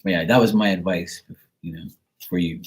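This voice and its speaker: A man's voice: deep voice, steady tone, a little fast. A middle-aged man giving a tarot reading on a live stream, talking in a blunt, rambling way with many fillers. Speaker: tarot reader and livestream host. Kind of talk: casual live-stream chat.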